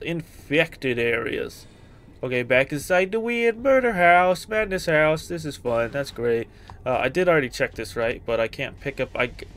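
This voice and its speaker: A young man talks his way through a horror game, chatty and easily startled, muttering to himself as he goes. His voice sits a little on the high side. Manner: jumpy, chatty, mutters to himself, yelps at scares. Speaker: gaming streamer. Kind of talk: casual gameplay commentary.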